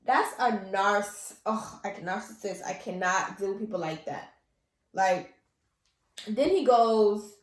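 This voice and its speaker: A young woman telling a personal story in casual vlog style, animated, blunt and full of slang and swearing. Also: mid-range voice, unhurried, echoey room.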